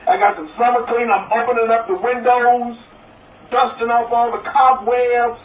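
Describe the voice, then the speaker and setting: His voice is very high-pitched, with a steady tone and moderate pace, over slight background noise. As a rabbi, he preaches in a folksy, joke-filled way, repeating himself and a blessing refrain. The audio is distant, roomy, and dull.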